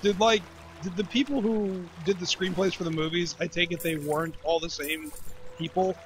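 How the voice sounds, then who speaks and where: A man's voice: high voice, steady tone, moderate pace, noisy background. Chatty man playing a game. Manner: rambling, chatty, jokey. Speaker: game player and channel host. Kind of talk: casual let's-play chat.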